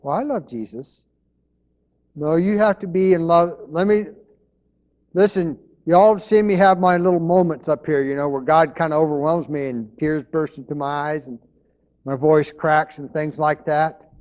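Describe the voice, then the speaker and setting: A man's voice: fairly high pitch, fairly even intonation, normal speed, a little mellow, highs cut off. A man preaching a sermon as pastor, in an earnest manner, repeating his key phrases.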